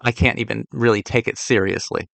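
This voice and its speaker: A man's voice: on the low side, fairly even intonation, a little fast, vocal fry, fairly bright tone, no room sound. A man hosting a video essay who talks about television bluntly, with an exasperated tone and frequent fillers and restarts. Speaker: TV critic and channel host.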